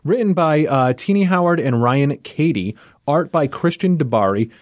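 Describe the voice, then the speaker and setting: A man co-hosting a comic book podcast, moving briskly between segments in casual chat. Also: on the high side, animated, no room sound.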